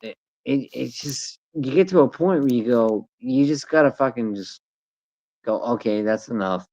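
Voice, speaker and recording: A man's voice: mid-range voice, lively intonation, moderate pace, mellow, dry recording, dull audio. A man talking casually on a streaming panel, rambling and swearing as he tells stories. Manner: rambling, profane, trails off. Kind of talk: casual chat.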